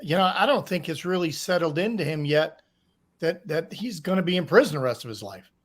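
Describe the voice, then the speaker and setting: A man, a former drug agent and profiler, giving measured commentary on a podcast with some dry humor. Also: on the high side, expressive.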